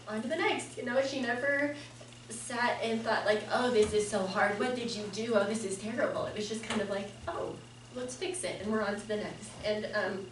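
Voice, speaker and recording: Woman, eulogy speaker, halting and warm-hearted delivery with laughs; higher voice, heard from afar in a noisy, echoey room. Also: recorded from a distance. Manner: halting, with fillers and frequent laughs. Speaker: family member giving a eulogy. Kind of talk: personal memorial speech. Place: memorial service room.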